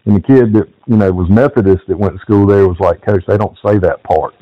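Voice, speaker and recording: A man's voice: on the low side, fairly quick, dry recording. A man hosting a casual interview, a football coach who laughs along and tells short stories of his own. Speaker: podcast host, football coach. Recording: dull lo-fi dry sound.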